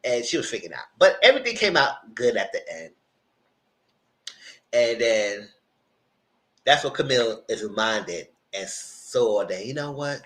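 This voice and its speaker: A man's voice: mid-range voice, very animated, unhurried, long pauses, fairly bright tone, rough recording. A man hosting a live TV review, recapping episodes in a chatty, rambling way. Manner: chatty, rambling, slips into character voices. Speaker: TV review host. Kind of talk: casual TV recap commentary.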